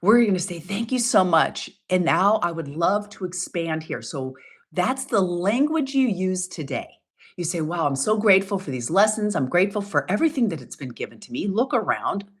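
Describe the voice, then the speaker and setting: A woman coaches her listeners through a self-help challenge. Her voice is husky and her pitch swings a lot. She speaks upbeat and emphatic, slipping into the voices of the people she quotes. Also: very animated, normal speed. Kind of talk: motivational coaching talk.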